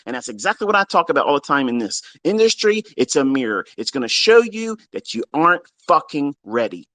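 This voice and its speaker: A man's voice: medium pitch, sing-song, fairly quick, few pauses, a bit bright, no echo. Profane, exasperated man ranting at his viewers. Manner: mocks listeners in put-on quotes. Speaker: trading educator. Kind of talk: ranting livestream lecture.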